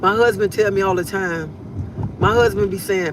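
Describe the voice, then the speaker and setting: A woman's voice: mid-range voice, moderate pace. A woman hosting a casual inspirational live stream, talking earnestly and repeating her phrases, recorded on a phone outdoors. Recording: noisy outdoor traffic background.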